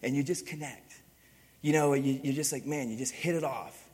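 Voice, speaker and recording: A man preaching a sermon as pastor, animated, swinging from loud emphatic bursts to quiet, hushed passages. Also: mid-range voice, moderate pace, husky, big-room sound.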